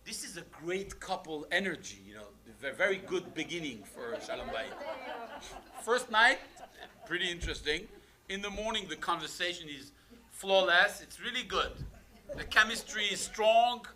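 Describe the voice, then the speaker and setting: Man teaching a class, a lively, emphatic rabbi with a high, bright voice. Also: normal speed, a faint crowd. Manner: animated, emphatic, rhetorical questions. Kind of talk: lecture on a text.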